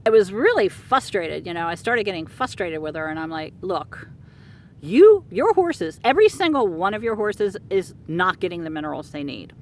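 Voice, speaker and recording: A middle-aged woman casually telling a long story about her work with horses, rambling and animated, with many fillers and restarts. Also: fairly low pitch, a little fast, hardly any pauses, a little hiss or hum. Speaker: horse care practitioner telling a client story.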